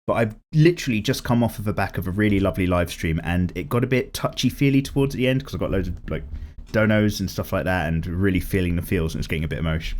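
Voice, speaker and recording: This YouTube art channel host, a man in his thirties, speaks fast in a low voice that's slightly strained and cracking. Reading through viewer comments, he keeps the conversation casual and lively and doesn't hold back on swearing.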